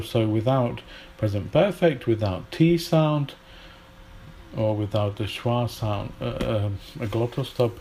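A man teaching English in a relaxed spoken lesson, chatty and thinking aloud with fillers and restarts. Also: medium pitch, slow, slight background noise, low-quality recording.

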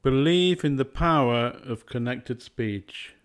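Male teacher for a pronunciation course; scripted, deliberate reads at a very slow pace. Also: mid-range voice. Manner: slow and deliberate, carefully spaced words.

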